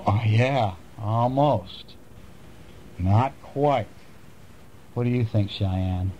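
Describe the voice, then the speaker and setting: A father reading a bedtime storybook to his children at home, chatting gently and coaxing them with questions. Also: fairly low pitch, drawn-out words, highs cut off, a little hiss or hum.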